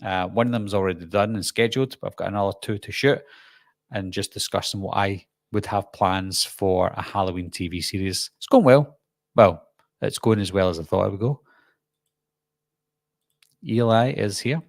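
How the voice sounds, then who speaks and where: A middle-aged man with a Glaswegian Scottish accent, hosting a relaxed live stream and chatting while reading out viewer comments. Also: fairly low pitch, moderate pace, vocal fry, dry recording. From Scotland. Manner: chatty, jokey, reads comments aloud and answers. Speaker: channel host.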